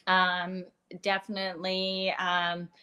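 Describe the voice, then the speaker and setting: A woman from Canada in her thirties, a guest in a casual interview, talking candidly with many pauses and fillers. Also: lowish voice, monotone, sharp tone, smooth. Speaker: guest, curler.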